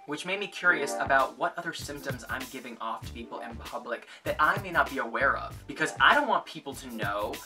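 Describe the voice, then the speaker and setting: A man's voice: mid-range voice, expressive, a little fast, hardly any pauses. A man telling a comic vlog monologue in a playful, self-mocking way. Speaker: vlogger. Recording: distant mic with music behind.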